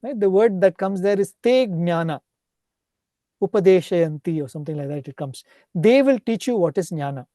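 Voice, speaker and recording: Mellow-voiced man giving a devotional talk. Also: high-pitched, expressive, no echo, studio quality. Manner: ends points with a questioning "right?"; unhurried, explanatory. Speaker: spiritual speaker.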